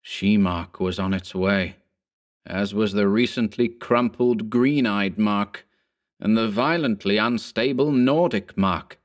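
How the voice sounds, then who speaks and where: A man narrating a horror story in a measured, steady storytelling manner. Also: fairly low pitch. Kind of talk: scripted horror audiobook narration.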